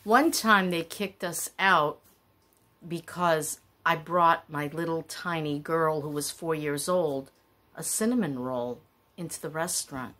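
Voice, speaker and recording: A middle-aged woman shares stories in a relaxed, rambling vlog. Her voice sits a little low and she takes her time, drifting into chatty asides. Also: unhurried. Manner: chatty, wandering, animated asides. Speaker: vlogger. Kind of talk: casual storytelling.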